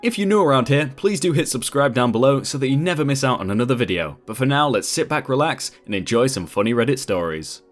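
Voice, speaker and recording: Lively man reading Reddit stories. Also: medium pitch, fast, hardly any pauses, faint music behind. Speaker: host.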